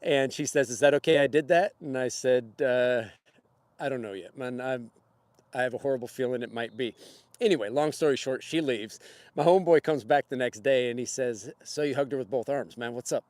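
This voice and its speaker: A man's voice: medium pitch, normal speed, darkish tone, dry recording. A man casually telling a personal story on a livestream in a rambling, conversational way with many fillers and chuckles. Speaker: livestream host.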